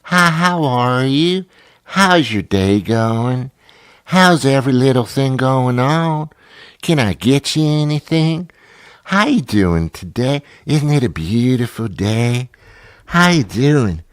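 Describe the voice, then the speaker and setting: An overly cheerful Southern server, put on by a man, gushing with sing-song greetings that rise well above his usual low voice. The pleasantries come slow and stretched, a touch distant from the mic, in a dry, close sound. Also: expressive, clean tone, no room sound.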